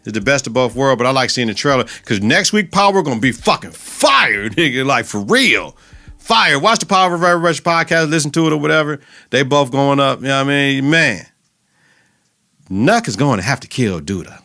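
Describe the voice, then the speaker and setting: A man hosting a podcast, giving a casual, animated recap of a TV episode full of profanity. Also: mid-range voice, brisk, few pauses. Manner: animated and profane, acts out scenes. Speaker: podcast host.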